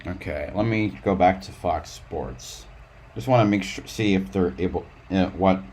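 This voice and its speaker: A man's voice: deep voice, moderate pace, darkish tone. A man live-streaming casual race commentary in a rambling way, with frequent restarts.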